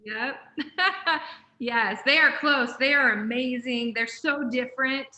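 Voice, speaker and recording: A woman guest talks slowly in a relaxed conversation, agreeing and laughing often. Her voice is bright and a little high. The sound is echoey, like a bare room. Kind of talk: casual chat.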